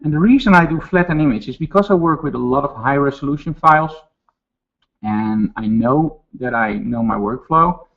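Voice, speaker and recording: A man with a Dutch accent teaching photo retouching step by step in a webinar, with relaxed asides. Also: medium pitch, moderate pace, highs cut off. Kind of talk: software tutorial webinar.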